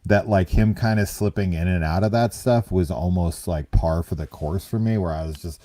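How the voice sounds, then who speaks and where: A man with a very low voice appears as a guest on a casual chat show. He talks in a laid-back way, and his sentences often trail off quietly. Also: moderate pace. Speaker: guest reviewer.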